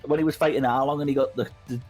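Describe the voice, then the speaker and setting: A man talks in casual podcast chat, often restarting his sentences as he thinks aloud. His voice sits at a middle pitch with faint music underneath. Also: steady tone, racing, a little mellow. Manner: chatty, hesitant restarts, laughs along. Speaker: podcast co-host.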